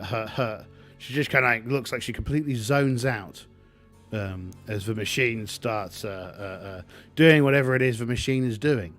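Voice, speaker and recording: A man's voice: on the low side, fairly bright tone. A man narrating a solo tabletop game, thinking aloud with many restarts and fillers.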